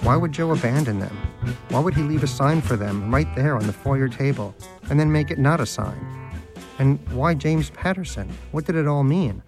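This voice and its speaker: Male audiobook narrator, mid-pitched voice, measured storytelling, soft guitar music behind. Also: expressive. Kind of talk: scripted narration.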